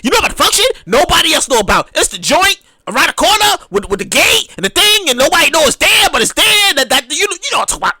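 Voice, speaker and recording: A New man rants on his podcast in a high, bright voice that swings up and down, swearing freely and mimicking people as he goes. The sound is close and dry. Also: fast, few pauses, no echo. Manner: animated, profane, mimics partygoers. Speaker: podcast host. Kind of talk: casual podcast rant.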